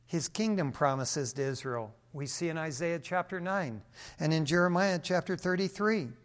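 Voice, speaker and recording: Male preacher, higher-pitched, casual and emphatic in delivery. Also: moderate pace. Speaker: pastor. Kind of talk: sermon.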